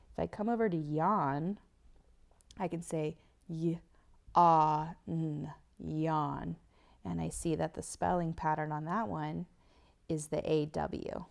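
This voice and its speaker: Sounding out each word with slow patience, a woman teaches phonics over slides. Her voice is low-pitched and gravelly with a darkish tone, and the audio comes from a tablet whiteboard recording.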